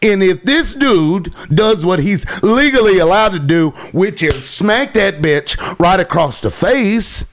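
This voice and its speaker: Man, angry commentary, heavy swearing, mocking tone, high animated voice. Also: measured pace, few pauses. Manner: heated, mocking, swears heavily. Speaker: commentator reacting to a clip.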